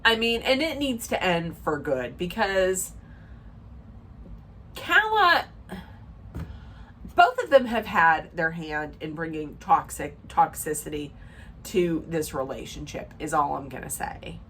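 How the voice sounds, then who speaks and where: A woman's voice: sits low, sing-song, slow pace, pauses often, a bit bright, a little hiss or hum. A woman giving a chatty, opinionated recap rant, emphatic and rambling with sarcastic asides. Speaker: reality TV recap vlogger.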